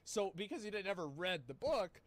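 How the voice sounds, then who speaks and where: A man's voice: sits high, very animated, a little fast. A man streaming live, reacting to a video with sarcastic, rambling commentary full of restarts.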